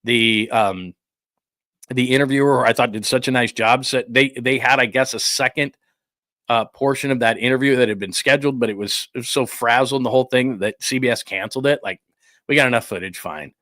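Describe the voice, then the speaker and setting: A man hosting a sports talk show, ranting in a rambling, incredulous way and acting out quick quotes. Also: mid-range voice, fairly bright tone, no room sound, studio quality. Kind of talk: live-stream sports talk, reading supers.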